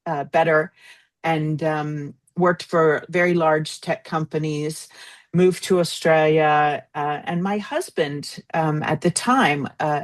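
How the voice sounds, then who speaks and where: A woman in her fifties from New York telling her story as a guest on a podcast, in an upbeat, lively way. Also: low-pitched. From New York, of Puerto Rican roots. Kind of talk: casual interview.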